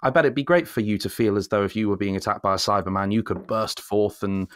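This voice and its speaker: Brief: male co-host, lower voice, dry close sound, animated rant that jumps high when excited. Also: quick pace, no echo. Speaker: podcast co-host. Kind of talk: casual chat.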